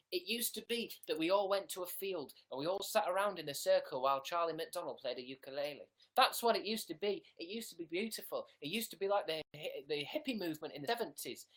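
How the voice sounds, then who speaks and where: A man's voice: on the high side, lively intonation, fairly quick, fairly bright tone. A young British man chatting sarcastically on a livestream from his bedroom, playing a mock diva. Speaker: livestream host. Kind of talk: casual livestream chat.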